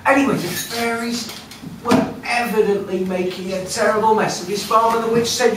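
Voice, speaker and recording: Brief: animated male folk storyteller, higher voice, recorded from afar in a noisy, echoey cafe. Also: moderate pace, few pauses, recorded from a distance. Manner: lively, conversational, with asides to the audience. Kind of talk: live folk-tale telling. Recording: echoey room heard from afar with noise.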